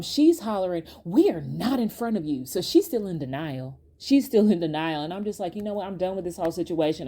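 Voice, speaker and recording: A woman hosting her own podcast, telling a storytime in a chatty, animated way and talking straight to her listeners. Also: medium pitch. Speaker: podcast host. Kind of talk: casual storytime to viewers.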